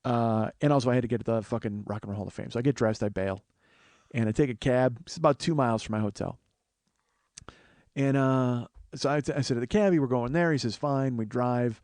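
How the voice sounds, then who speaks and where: A man's voice: medium pitch, fairly quick, a little mellow, no room sound. A man in his forties, host of his own show, telling a long story on his own in a wry, profane way, acting out the people he meets. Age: 40s. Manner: profane, wry, acts out other people's voices. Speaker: podcast host. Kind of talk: solo storytelling monologue.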